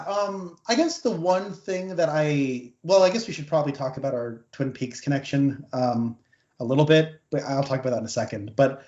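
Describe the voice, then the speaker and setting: A man's voice: mid-range voice, a little mellow. A man chatting casually on a podcast, musing in an easygoing way with fillers. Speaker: podcast co-host. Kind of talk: casual chat. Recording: echoey muffled room audio.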